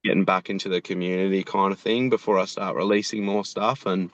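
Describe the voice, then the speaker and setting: Laid-back, low-voiced Australian man. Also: steady tone, fairly quick, fairly bright tone, no echo, muffled recording. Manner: laid-back, swears a lot, rambling. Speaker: animator and show creator, guest. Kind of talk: casual interview chat.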